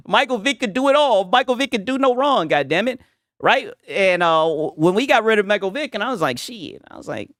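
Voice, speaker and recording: Young male streamer, casual profane rant, animated delivery, dry mic. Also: high-pitched, moderate pace, no echo. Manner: profane, heated, keeps tagging "right?".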